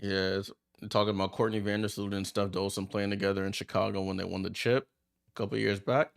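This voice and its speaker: A man hosting a watchalong, giving chatty, excitable play-by-play as he reacts aloud to the game. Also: fairly low pitch, quick pace, vocal fry, clean tone. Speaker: watchalong host. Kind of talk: casual live play-by-play commentary.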